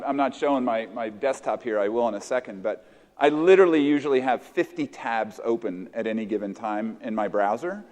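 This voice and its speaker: An American man leads a workshop for teachers, chatting with the room and echoing their answers back in easy, halting sentences. His voice sits at an ordinary middle pitch. A long reverb from the large conference hall trails after his words. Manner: conversational, echoes audience answers, many restarts. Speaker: conference presenter. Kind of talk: interactive workshop talk with teachers.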